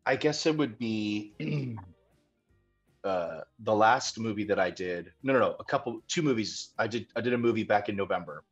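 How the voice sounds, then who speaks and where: A young man from Ohio speaks in a lower voice over a dull, lo-fi video-call line, with faint music under it. He talks earnestly and rambles, often restarting his sentences. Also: expressive, normal speed, breathy edge. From Dover, Ohio, USA. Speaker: actor, interview guest. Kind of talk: casual conversation.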